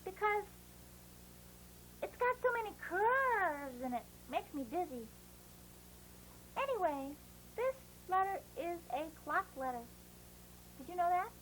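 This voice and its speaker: In a cheery, playful kids' lesson, a performer plays a puppet boy who encourages children as they learn to write letters, bouncing along in a sing-song way. The exaggerated voice is very high with big pitch swings, a slightly slow pace, long pauses, and a bit of brightness. The recording is rough, with a little hiss or hum.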